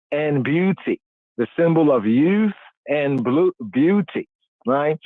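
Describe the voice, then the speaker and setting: A male podcast host lectures on scripture in a steady teaching cadence, circling back over his phrases and tagging them with "right?". His voice sits at a middle pitch. It comes through a thin, narrow phone-line sound with no room echo. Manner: repetitive teaching cadence, frequent "right?" check-ins. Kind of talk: call-in radio podcast teaching. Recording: dry tinny phone-line audio.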